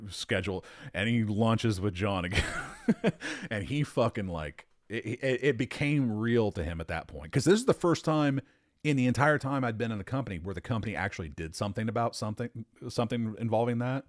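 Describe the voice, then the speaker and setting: A man telling a story in a casual, animated, profane way, getting worked up as he talks. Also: mid-range voice, a little fast, dry recording, clean studio sound. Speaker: storyteller recounting a former boss.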